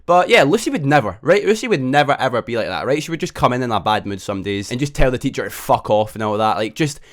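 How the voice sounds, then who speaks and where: A man's voice: mid-range voice, expressive, a bit bright. A young man telling a storytime vlog, swearing a lot and tacking "right?" onto nearly every line. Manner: fast, sweary, constant tag "right?". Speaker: vlogger.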